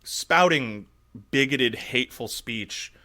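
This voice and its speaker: Bright-voiced, sarcastic, ranting podcast man. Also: mid-range voice, lively intonation, slow. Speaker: podcast co-host. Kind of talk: casual political chat.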